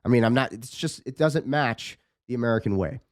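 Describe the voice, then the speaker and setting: A man's voice: medium pitch, a little fast, no echo. Indignant male political commentator, dry sound. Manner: indignant, piles up rhetorical questions. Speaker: host and commentator.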